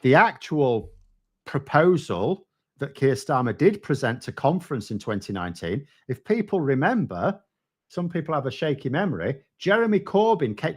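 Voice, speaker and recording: A man's voice: fairly high pitch, big pitch swings, normal speed, slightly rough. Blunt, sweary man ranting. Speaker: political show co-host. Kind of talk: casual political chat.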